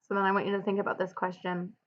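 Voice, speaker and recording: A woman teacher giving a read-aloud with guided commentary, explaining in a clear, measured way and posing questions to students. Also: medium pitch, completely flat delivery. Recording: dull lo-fi recording.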